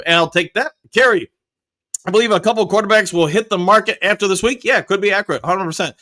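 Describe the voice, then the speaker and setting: A male show host chatting casually on a livestream and reading viewer comments in an upbeat, chatty way, with loud whoops thrown in. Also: high voice, quick pace.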